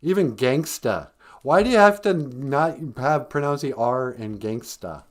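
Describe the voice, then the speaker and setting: A man hosts a live stream in a loose, playful way, scolding like a cranky elder before breaking into laughter. His pitch swings widely and he takes his time between phrases, drawing words out. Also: expressive, a little slow. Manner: switches to grumpy old-man voice for jokes. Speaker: host of a live stream on Ojibwe language. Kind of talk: joking one-man live stream chat.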